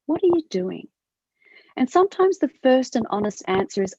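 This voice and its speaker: A woman with an Australian accent teaching a movement class over a video call, asking gentle questions with a rising lilt. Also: high voice, very animated, moderate pace, breathy edge, dry recording. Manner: gentle questioning, upward inflection. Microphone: video call from her computer. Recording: dull lo-fi video call audio.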